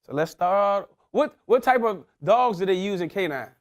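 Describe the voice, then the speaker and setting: A man's voice: sits high, expressive, moderate pace. A man giving a motivational talk, quizzing his young audience in casual slang. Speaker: motivational speaker.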